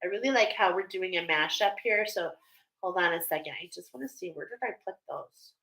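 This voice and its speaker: Woman, spiritual reader, bright clear tone, chatty and soothing. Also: on the low side, animated, fairly quick, rough recording. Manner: soothing, chatty, repeats "okay?". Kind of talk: channeled guidance talk.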